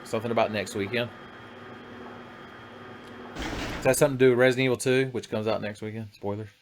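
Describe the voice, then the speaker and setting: A man's voice: on the low side, fairly even intonation, fast talker, slight background noise. A man from the United States, casually chatting and joking crudely with his chat while streaming a game. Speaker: livestreamer. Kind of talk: casual gaming livestream chat.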